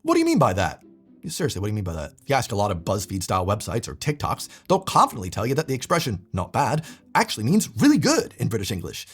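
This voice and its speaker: A man's voice: on the low side, huge pitch swings, quick pace, breathy edge, faint music behind. A man presenting a scripted explainer video with a playful delivery and wry asides.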